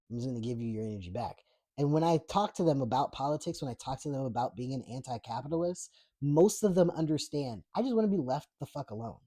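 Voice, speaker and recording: The man hosting this podcast has a warm voice pitched fairly high. Reading the live chat and laughing frequently, he delivers a rambling, profane political rant packed with restarts and filler words.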